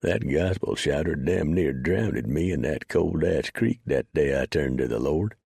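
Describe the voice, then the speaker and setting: A man voicing a blunt, rough frontier mountain man who drawls in backwoods grammar with dry sarcasm. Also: a bass voice, measured pace, warm tone, dry recording, exaggerated voice. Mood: gruff.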